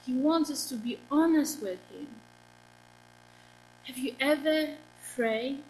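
Slow, high-voiced woman preaching. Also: poor audio. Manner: earnest, asks the congregation questions. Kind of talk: sermon.

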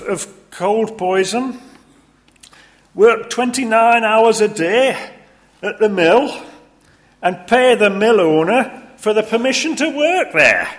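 A man putting on a Yorkshire accent to voice a boastful old Yorkshireman, high, loud and exaggerated. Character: boastful old male Yorkshireman bragging about hardship.

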